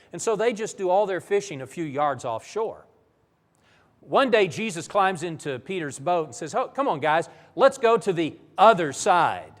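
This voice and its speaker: Animated preacher in an echoing church. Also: male voice, a little high. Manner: animated, vivid storytelling. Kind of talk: sermon-style Bible lesson.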